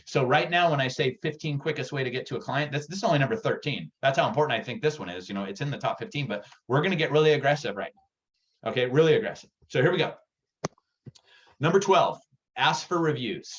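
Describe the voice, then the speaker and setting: An energetic man giving a workshop presentation as a real estate sales coach, talking in an excitable, punchy and direct way. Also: medium pitch. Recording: dull lo-fi recording.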